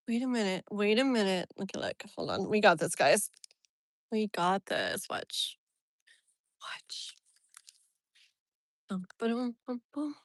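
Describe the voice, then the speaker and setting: A woman's voice: fairly high pitch, a bit bright, no echo. A young woman hosting a casual live stream outdoors, chatty and exasperated, laughing often. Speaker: tarot reader live-stream host. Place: outdoors near a tree.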